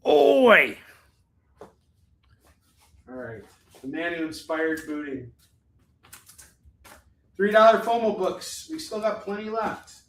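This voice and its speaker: A fairly high-voiced man keeps up a chatty, upbeat patter as he hosts a live online sale. He reads items and prices off one after another in a casual, friendly flow. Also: lively intonation, a little slow, pauses often, noisy background. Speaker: live shopping show host. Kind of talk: casual live-stream selling.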